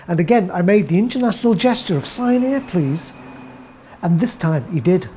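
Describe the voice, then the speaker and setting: English woman doing a dry deadpan story monologue, warm low-key tone, wry and rambly. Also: quick pace, slight background noise. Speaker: narrator. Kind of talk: first-person comic monologue.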